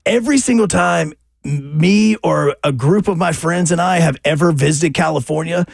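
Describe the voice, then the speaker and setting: A man co-hosting sports talk radio. His voice sits high and grainy, and he rambles through self-deprecating jokes. The studio sound is close and dry. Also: normal speed, creaky, no room sound. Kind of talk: casual radio banter. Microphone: studio microphone.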